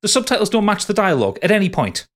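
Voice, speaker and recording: A man with a high-pitched voice and big pitch swings talks at a quick pace. Co-hosting a casual podcast, he recaps a bad film, swearing and sounding exasperated, and restarts his sentences many times.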